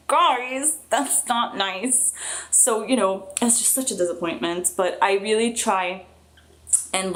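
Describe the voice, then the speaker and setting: Chatty young woman on a live stream. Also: lowish voice. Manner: chatty and excitable, with lots of fillers and little laughs. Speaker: streamer reading live chat comments. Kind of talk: casual live-stream chat.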